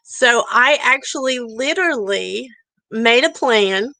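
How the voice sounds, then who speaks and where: A woman's voice: fairly high pitch, expressive, slow pace, bright, forceful tone, dry recording, low-quality recording. A middle-aged woman telling her story with earnest emphasis, speaking outdoors from a campground porch. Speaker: summit speaker. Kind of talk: passionate personal storytelling talk.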